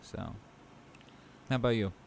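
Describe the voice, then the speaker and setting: A man's voice: measured pace, a little hiss or hum. A man co-hosting a podcast, chatting casually and thinking aloud with lots of fillers. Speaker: podcast co-host. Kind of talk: casual chat.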